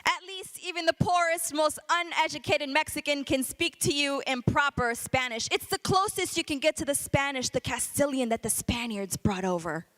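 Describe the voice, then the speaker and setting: A woman with a high, bright voice quoting a dismissive young man who looks down on how others speak. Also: moderate pace, hardly any pauses. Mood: condescending. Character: young man, condescending, dismissive about accents.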